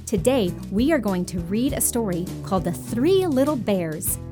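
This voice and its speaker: A woman's voice: medium pitch, big pitch swings, moderate pace, over music. A woman reading a picture book aloud to young children as a storyteller, in a sweet, sing-song manner.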